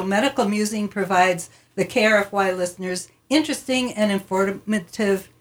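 A woman radio producer reading a prepared introduction of the host in a community radio studio, with small restarts. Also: mid-range voice.

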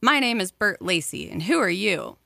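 A woman reading aloud, voicing a stubborn, quick-tempered middle-aged father who talks briskly. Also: mid-range voice, sing-song, gravelly, no room sound, studio quality, full character voice. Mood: sharp. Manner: brisk, sharp.

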